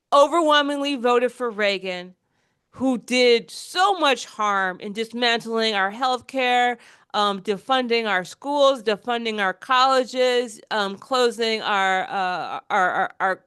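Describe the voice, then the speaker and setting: A woman hosting a casual political podcast, her voice sitting a little high. She talks with animated frustration and often restarts. The sound is dry and close. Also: clean tone, no echo. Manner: animated, mocking quoted voices, frequent restarts. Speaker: podcast host.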